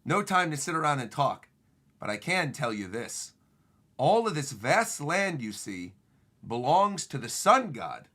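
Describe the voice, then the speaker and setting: A man reading aloud as a boastful, mysterious male messenger who rides a bug, delivering warnings slowly and ominously. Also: a little high, very animated, bright, forceful tone, exaggerated voice.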